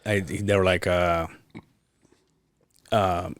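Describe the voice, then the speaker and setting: A man's voice: low voice, extremely slow. A man co-hosting a podcast, telling stories in casual, profane chat. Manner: profane, animated storytelling with laughter. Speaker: podcast co-host.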